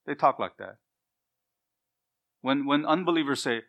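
A man's voice: a little high, animated, moderate pace, long pauses, fairly bright tone. A middle-aged man preaching an expository sermon, earnest and emphatic, building his points in repeated lists.

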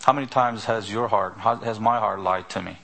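A man's voice: on the low side, fairly even intonation, a little fast, gravelly, sharp tone. A man preaching a sermon as a pastor, pressing his listeners with rhetorical questions one after another. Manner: rhetorical repeated questions, emphatic.

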